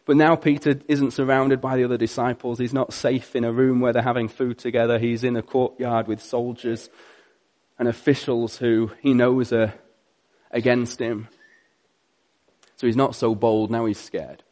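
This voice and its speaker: A man's voice: mid-range voice, level tone, moderate pace. Earnest man preaching a sermon. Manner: earnest, storytelling, swings between loud and hushed.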